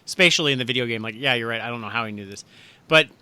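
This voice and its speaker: Bright-voiced man thinking aloud. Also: medium pitch, very fast, smooth. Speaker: podcast co-host. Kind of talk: casual chat.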